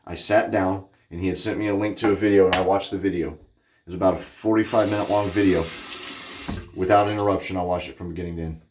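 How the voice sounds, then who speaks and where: Male shaving vlogger from Texas, deep low voice, rambling and chatty with frequent self-corrections. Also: steady tone, fast, noisy background. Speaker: wet shaving channel host. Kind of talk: casual chat while shaving.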